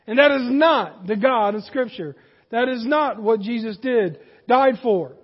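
A man's voice: high voice, animated, takes it slowly, slightly rough. A man preaching a sermon in a folksy manner that rises to emphatic peaks, heard in a church sanctuary. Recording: dull, hall reverb.

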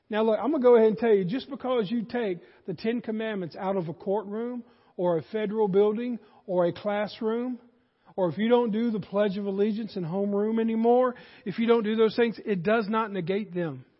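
A man preaching a sermon, animated, rising in force and then dropping low for emphasis. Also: in a large hall, highs cut off. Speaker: pastor.

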